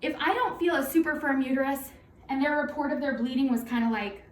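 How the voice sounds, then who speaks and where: A high-voiced woman, a night nurse, talks a little out of breath through a face mask, teaching a nursing simulation in a chatty, informal way full of fillers. She sounds distant from the mic, in a roomy space with some echo and a faint hiss behind her. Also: steady tone, a little fast.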